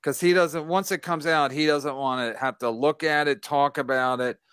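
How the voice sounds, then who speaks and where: Man, podcast host, rambling and profane, bright edgy voice, smooth clear tone. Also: on the high side, fairly even intonation, normal speed, no echo, studio quality. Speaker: show host. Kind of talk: casual podcast chat reading chat comments.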